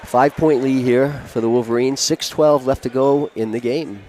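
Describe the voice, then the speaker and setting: A man calls a high school basketball game in casual, joking banter with his partner. His voice sits mid-range. Behind him a noisy gym hums with bouncing balls. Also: fairly even intonation, normal speed, darkish tone. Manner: chatty, jokey banter with co-host. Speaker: play-by-play commentator. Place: school gymnasium.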